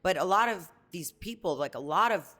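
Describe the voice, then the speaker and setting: A woman's voice: on the low side, lively intonation, a little fast, sharp tone. A middle-aged woman being interviewed, talking candidly and emphatically, often ending points with "right?". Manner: emphatic, tags statements with "right?". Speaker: guest, reality TV personality.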